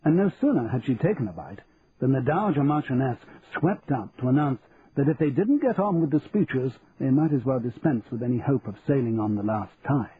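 A man reading an audiobook in an even, measured storytelling manner, over a tinny line with faint hiss. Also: medium pitch. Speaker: audiobook narrator. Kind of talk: scripted audiobook narration.

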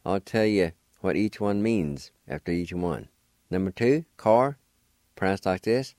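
A middle-aged man who speaks in a low voice. He spells words out letter by letter at a very slow, patient pace. The recording is dry and close, with no room sound. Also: darkish tone, dry recording. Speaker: radio language teacher. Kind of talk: slow, deliberate language lesson.

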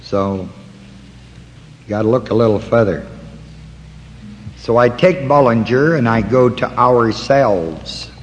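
A man teaching a Bible study, slowly walking listeners through word references in a deliberate way. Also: mid-range voice, big-room sound, muffled recording, a little hiss or hum. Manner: slow, deliberate, pausing to point out references.

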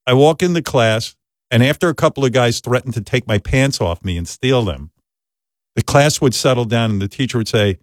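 A man's voice: medium pitch, moderate pace, no echo, clean studio sound. A man hosting a talk show, telling a profane, self-deprecating story in a casual way. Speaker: radio show host.

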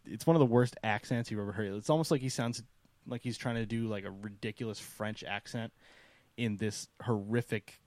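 A man's voice: fairly low pitch, normal speed, darkish tone, no echo. A man co-hosting a casual podcast, ranting and laughing about wrestling. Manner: ranting and laughing, mimics voices. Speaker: podcast co-host. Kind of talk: casual chat.

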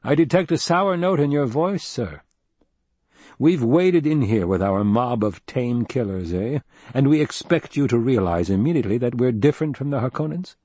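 A man voicing a grim, commanding male duke in an audiobook, measured and pressing. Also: mid-range voice, animated, warm tone, slightly rough, dry recording. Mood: firm, probing. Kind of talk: audiobook character reading.

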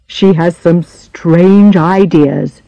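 A woman's voice: lowish voice, warm tone, dry recording, dull audio. Woman reading as a patronizing old-fashioned country doctor. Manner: soothing, patronizing, slow. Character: short, fat, genial male country doctor.

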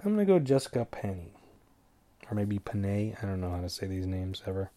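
A low-pitched, dark-toned man talks very fast and very animatedly while giving fight picks on his casual solo show. Despite a stuffy nose he rambles on, cracking jokes and stumbling over names.

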